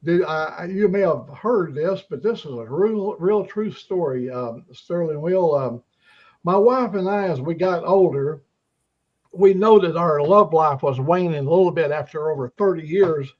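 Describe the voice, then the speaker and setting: An older man spins folksy jokes and stories in easy chat. His voice sits high. It comes through dull, lo-fi call audio. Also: measured pace. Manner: storytelling, folksy. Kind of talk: casual joke-telling chat.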